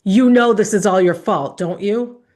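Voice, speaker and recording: A woman voicing her furious, abusive father as he shouts at a child. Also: medium pitch, normal speed, natural voice. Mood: yelling. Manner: shouting, harsh.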